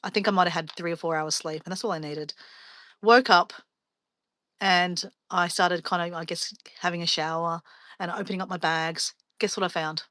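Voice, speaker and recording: A woman travel vlogger chatting on a live stream, her voice bright and forward. She rambles through stories and laughs easily. The sound is close and dry, with no room around it. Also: lowish voice, fairly even intonation, moderate pace, no room sound. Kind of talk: casual live stream chat.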